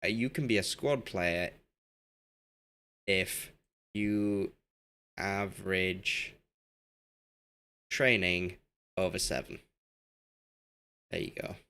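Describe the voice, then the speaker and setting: A man's voice: deep voice, very slow, long pauses, pushed and bright, smooth. A man streaming a game, rambling in casual commentary and talking to the players on screen as he goes, while losing his voice.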